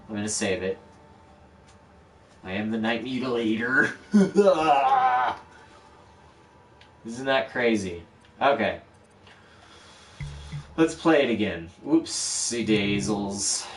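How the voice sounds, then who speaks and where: A man's voice: fairly low pitch, fairly bright tone, a little hiss or hum. A man casually streaming his game-building work, mocking himself as he talks through each step, with a dog barking in the room. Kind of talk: casual live-stream commentary. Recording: roomy echo, a bit far from the mic.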